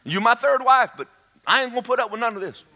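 A preacher voicing a stubborn, frustrated husband in a high, fast, loud voice. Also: male voice, slight background noise, heavily acted. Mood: indignant. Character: frustrated husband on his third marriage, stubborn.

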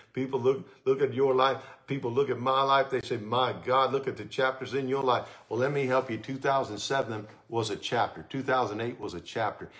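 A male pastor preaching a sermon with fervent energy that sometimes drops to soft, intimate tones, speaking on a microphone in a church sanctuary. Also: mid-range voice. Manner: fervent, rising to excited shouts then dropping to soft, intimate tones.

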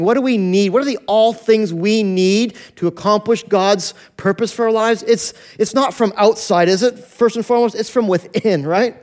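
A man preaching in a church, his voice sitting high for a man. He moves between loud, urgent stretches and quiet, hushed ones, and acts out voices in the stories he tells. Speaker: pastor. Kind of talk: sermon.

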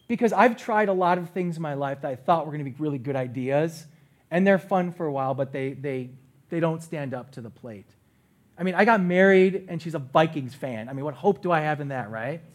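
Middle-aged pastor guy preaching, kinda high voice, gets loud then drops real quiet. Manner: animated, swings from loud bursts to quiet asides. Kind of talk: sermon. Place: church stage.

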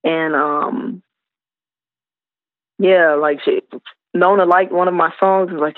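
A woman from South Carolina, a hip hop artist guest, telling stories in a relaxed, rambling way with many fillers. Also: on the low side, slow, pauses often, no room sound. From South Carolina, USA. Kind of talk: casual interview storytelling. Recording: tinny phone-line sound, dry.

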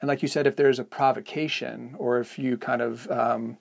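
A man's voice: medium pitch, fairly even intonation, normal speed, creaky. A man co-hosting a podcast, speaking candidly and hesitantly, often searching for words in a reflective conversation. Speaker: podcast co-host.

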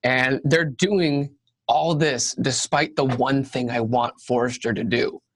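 A man's voice: mid-range voice, fairly even intonation, slow pace. A man speaking as a guest on a casual car podcast, blunt and opinionated.

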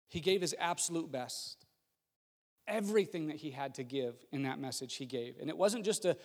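A man's voice: a little high, animated, normal speed, a little mellow. A man in his thirties, a pastor delivering a sermon in a conversational, humorous way that builds to emphatic repetition. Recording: long hall reverb with faint music.

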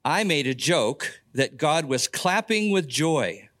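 Older male pastor, slightly high voice, unhurried earnest sermon delivery, folksy asides. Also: sing-song, fairly bright tone.

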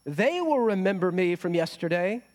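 A man voicing a proud, attention-hungry male donkey who demands praise in a drawn-out, indignant voice. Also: sits high, sing-song, darkish tone. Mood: huffy.

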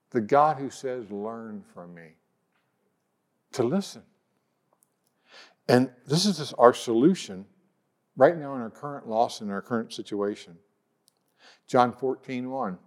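Male pastor, mid-range voice, earnest sermon delivery with gentle scripture readings. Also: medium pitch. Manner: earnest preaching, reads scripture slowly and softly.

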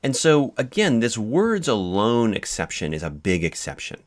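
A man's voice: lowish voice, wildly swooping pitch, moderate pace. A man lecturing on law, explaining step by step with many fillers and restarts. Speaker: law instructor. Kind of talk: recorded lecture.

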